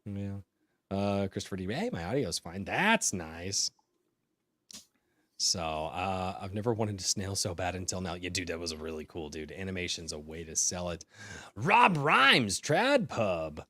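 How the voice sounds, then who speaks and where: Excitable American man hosting a live stream. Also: low voice, unhurried, no echo. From United States. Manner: excitable, joking, swings from loud to mumbled. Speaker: podcast host. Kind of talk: casual live-stream chat.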